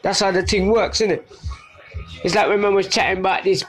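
A man's voice: high-pitched, fairly quick, faint music behind. A young man with a London accent, hosting a podcast and ranting in heavy street slang. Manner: animated, slangy rant. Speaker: podcast host. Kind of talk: casual monologue.

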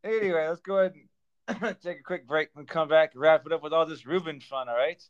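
Young guy cohosting a podcast, laughs a lot, smooth slightly high voice, kinda dull audio. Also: fairly quick. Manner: laughs often, animated storytelling. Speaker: podcast co-host. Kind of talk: casual chat.

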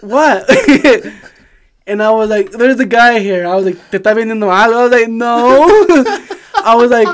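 Man, high voice, swearing, laughing, casual podcast chat. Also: a little slow. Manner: animated, swears a lot, laughs while telling. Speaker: podcast host.

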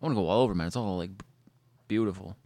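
A man's voice: low-pitched, very fast. A man co-hosting a casual chat, telling stories with laughs and the odd swear word. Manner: laughing, swearing, animated storytelling.

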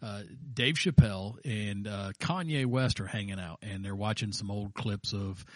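A man's voice: lowish voice, moderate pace, no echo, studio quality. A man co-hosting a ministry podcast in casual chat, rambling with many restarts and fillers. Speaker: podcast co-host, pastor.

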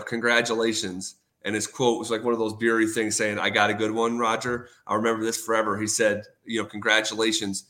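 A man's voice: fairly low pitch, pushed and bright. A man in a casual interview, retelling a career story with lots of quoted dialogue, fillers and restarts. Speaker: sports radio host, guest.

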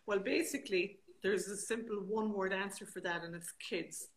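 A middle-aged woman with an Irish accent, a guest chatting on a video call, an exuberant, animated storyteller. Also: mid-range voice, normal speed, few pauses, rough recording. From Ireland. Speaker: guest singer-songwriter. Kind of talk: casual chat on a livestream.

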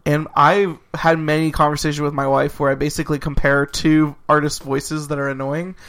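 A man co-hosting a podcast, talking in a relaxed, joking way. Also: fairly high pitch, normal speed. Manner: laid-back, joking, slips into silly voices. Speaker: podcast co-host. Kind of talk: casual chat.

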